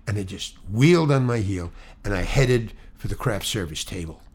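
A man, an actor, telling an anecdote in an animated, halting way, full of restarts, swinging between loud bursts and hushed asides. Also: on the low side, slightly rough. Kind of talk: anecdotal storytelling.

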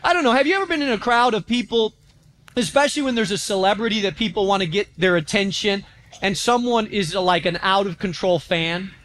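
A pastor preaching a sermon in a church, telling stories with animation and acting out quotes. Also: male voice, high-pitched, a little fast. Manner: animated storytelling, acts out quotes.

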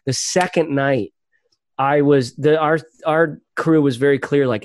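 A man's voice: medium pitch, moderate pace, no echo. Man guest, rambly storyteller, lots of fillers and laughs, dry close sound. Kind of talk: casual podcast chat.

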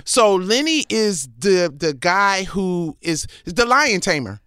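Brash, forceful woman comedian. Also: on the low side, takes it slowly. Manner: brash, profane, animated storytelling. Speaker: guest, comedian. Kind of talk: casual interview chat.

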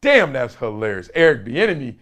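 Animated, lively male sports commentator. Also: mid-range voice, a little fast. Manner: animated, playful, laughs often, mimics coaches. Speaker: sports show host.

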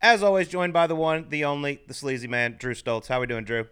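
A man's voice: on the high side, steady tone, fairly quick, fairly bright tone, clean tone. A man co-hosting a casual sports podcast in a studio, opening with upbeat, teasing banter. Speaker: podcast co-host.

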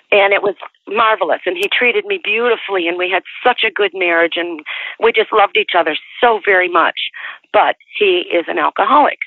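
A woman's voice: medium pitch, normal speed, no echo. A woman in her sixties telling her life story in a chatty, rambling way, with frequent restarts, heard over the telephone. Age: 60s. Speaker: interviewee. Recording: tinny dry phone line.

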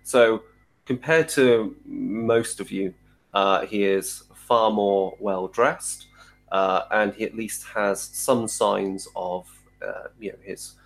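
A man narrating as game master in a tabletop role-playing game, often pausing with fillers. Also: on the low side, steady tone, vocal fry, rough recording. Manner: hesitant, many fillers and restarts.

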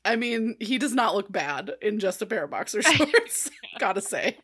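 A woman's voice: mid-range voice, very animated, normal speed, a bit bright, husky. A woman in her thirties co-hosting a casual chat, talkative, swearing freely and laughing often. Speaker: podcast co-host.

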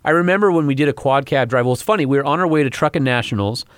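A man's voice: medium pitch, racing, smooth, dry recording. A male co-host and car journalist, chatting casually and rattling off technical numbers with enthusiasm. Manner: enthusiastic about technical specs, recites numbers. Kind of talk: casual chat.

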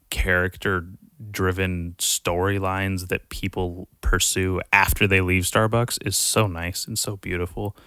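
A man's voice: deep voice, sharp tone, smooth, no room sound, studio quality. A young man hosting a podcast, rambling and ranting in a casual monologue, swearing constantly and sounding exasperated. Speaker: podcast host.

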